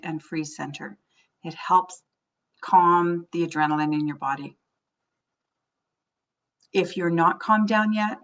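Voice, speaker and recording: Recorded from far away, a middle-aged tapping coach guides listeners through a sequence. The points get a soft, low delivery, while the panic phrases rise in pitch and volume.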